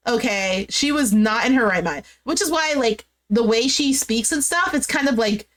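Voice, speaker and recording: A woman's voice: a little high, lively intonation, normal speed. A woman casually recapping a reality show, chatty and slangy, exasperated and emphatic as she talks. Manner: chatty and slangy, says "bro" and "like" a lot. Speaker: recap vlogger.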